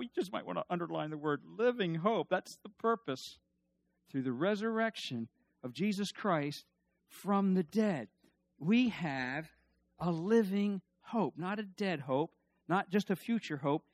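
A man's voice: high-pitched, animated, unhurried, vocal fry, no echo. A middle-aged man preaching a sermon as pastor, building to emphatic bursts and asking the congregation to repeat after him. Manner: preaching with rising emphatic bursts and call-and-response.

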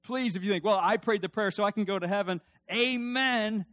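A man's voice: high-pitched, fairly quick, a bit bright, dry recording. Emphatic preaching man, dry close sound. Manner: preaching with rising emphatic bursts and call-and-response. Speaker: pastor. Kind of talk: sermon.

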